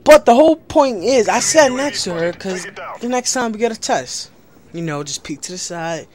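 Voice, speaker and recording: Rambling profane teenage boy, high voice. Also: expressive, normal speed. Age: teens. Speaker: gamer telling a story. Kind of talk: casual storytelling over gameplay. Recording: game gunfire loud behind voice. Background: video game gunfire.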